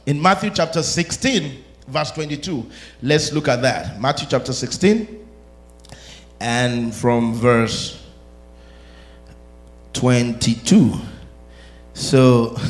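A man preaching a sermon, animated, rising to shouts and laughing between his points. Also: mid-range voice.

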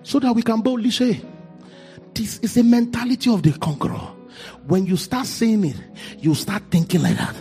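Shouting preacher with a gravelly voice. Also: male voice, sits high, normal speed, soft background music. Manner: preaching with rising shouted declarations. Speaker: pastor. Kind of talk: sermon.

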